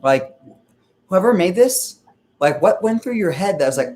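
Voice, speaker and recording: Casual male vlogger, a touch high-pitched, profane and rambling, lots of "like" and "um", keeps clearing his throat. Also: animated, brisk, a little mellow, soft background music.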